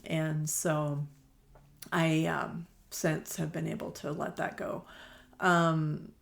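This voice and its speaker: A middle-aged woman is a guest on a relaxed interview podcast, rambling warmly through stories about her shop. Her voice sits a little low and has a strong gravelly fry. She slips into the voices of the people in her stories and laughs easily. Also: slow pace. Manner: chatty storyteller, acts out quoted dialogue, laughs easily. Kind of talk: casual conversational interview.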